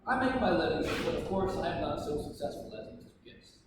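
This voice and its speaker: A man plays a modest merchant who answers hesitantly and deferentially. His voice is slightly high. It sounds distant in a booming hall, under loud background noise. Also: huge pitch swings, brisk. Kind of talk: live historical courtroom reenactment.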